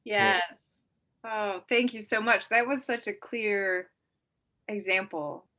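A woman with a bright, mid-pitched voice hosts a podcast interview. She asks gentle questions and warmly affirms her guest. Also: steady tone, takes it slowly. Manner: warm, affirming, gentle questions with soft laughs. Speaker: podcast host.

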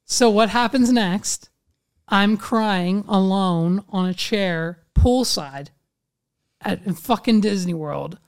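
A man hosting a casual chat, telling a story in an animated way and swearing constantly. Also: high voice, takes it slowly, clean tone.

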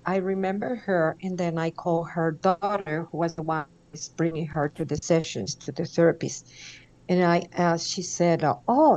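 A woman from Mexico with a Mexican Spanish accent, a guest telling emotional stories in a halting, heartfelt way with many fillers. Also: fairly low pitch, a little mellow, highs cut off. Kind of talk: emotional storytelling.

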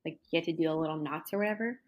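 A woman's voice: deep voice, rapid-fire, darkish tone. A young woman talking casually in an interview, chatty, with lots of fillers. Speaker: interview guest, culinary school graduate.

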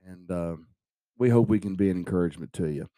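A man's voice: deep voice, fast talker, mellow, no room sound. A man preaching an earnest devotional sermon on a podcast, repeating phrases for emphasis.

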